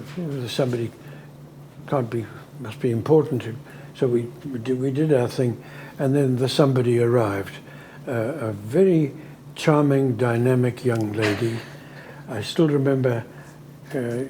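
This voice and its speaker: A man fondly recalling a first meeting, halting with fillers. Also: medium pitch, warm tone, slight background noise, rough recording. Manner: halting, fond, hesitant. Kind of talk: casual reminiscing.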